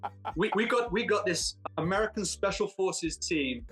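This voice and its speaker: A man from Britain, an actor guest in a casual interview, talking in a jokey, self-mocking way with quick asides. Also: sits high, expressive, loud music behind the voice.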